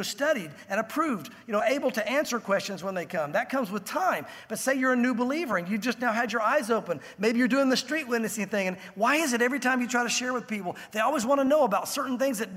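Casting: male pastor, very high-pitched, husky, lively storytelling sermon in a church with a long reverb tail. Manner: animated storytelling, acting out voices in the scene.

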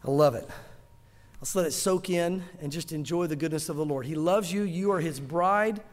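A man preaching a sermon as pastor, telling the story with lively, animated delivery and acted-out dialogue. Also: fairly high pitch, normal speed, big-room sound.

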